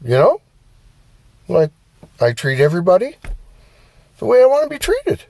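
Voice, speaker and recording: A man's voice: sits high, normal speed, creaky, no echo. Blunt, swearing man ranting. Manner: blunt, heavy swearing, animated. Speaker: vlogger and driver. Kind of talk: profane motivational rant.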